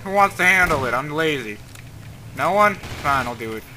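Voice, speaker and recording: A young man with a slightly high, expressive voice comments casually on his gameplay at normal speed, joking, rambling, and talking to the characters on screen. It's relaxed let's-play commentary, with background noise from game music and gunfire.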